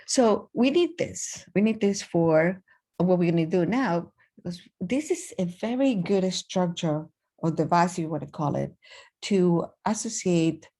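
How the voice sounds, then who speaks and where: A woman's voice: on the low side, lively intonation, measured pace, warm tone. A woman with an Argentinian accent teaching a casual programming lesson, thinking aloud with many fillers. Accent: Argentinian Spanish. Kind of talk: casual screen-share coding lesson.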